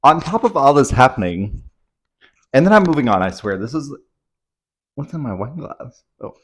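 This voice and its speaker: Indoors at home, a young man vlogs casually, telling a rambling, anxious story full of swearing. He speaks at a normal speed in a medium-pitched, sing-song voice.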